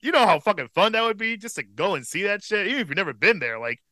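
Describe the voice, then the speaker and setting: A man in his thirties co-hosting a casual podcast chat, relaxed and profane, with a slight tickle in his throat. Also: high-pitched, quick pace, dry recording. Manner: laid-back, profane, chuckles often. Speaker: podcast co-host.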